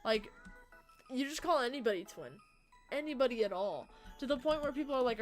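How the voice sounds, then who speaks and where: Joking young woman streamer, fairly high voice. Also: expressive, a little fast. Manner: rambling, joking, swears freely. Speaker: livestreamer. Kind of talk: casual chat with stream viewers. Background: faint game music.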